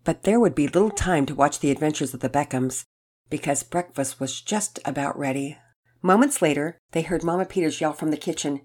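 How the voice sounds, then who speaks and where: A woman reading a children's story aloud in an expressive, storytelling way. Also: low voice, fairly quick.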